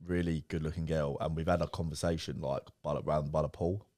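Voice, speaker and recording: Young British lad, quick self-deprecating chatter, low pitch. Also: male voice, fairly even intonation, warm tone, no room sound, clean studio sound. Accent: British English. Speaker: podcast co-host. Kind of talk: casual chat.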